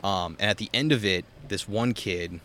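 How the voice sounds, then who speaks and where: A man's voice: fairly low pitch, moderate pace, a bit bright, a little hiss or hum. A young man casually telling a long story, rambling with lots of swearing and filler words, outdoors in a backyard. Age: young adult. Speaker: podcast co-host.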